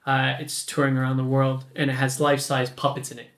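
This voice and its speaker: A man's voice: mid-range voice, completely flat delivery, fairly quick, a bit bright. A Canadian man in his thirties, a podcast guest chatting casually and laughing often as he tells a story. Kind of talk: casual chat.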